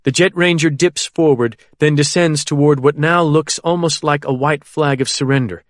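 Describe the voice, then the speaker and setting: A man narrating a first-person thriller audiobook in a steady, measured way. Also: a little high, no echo, clean studio sound.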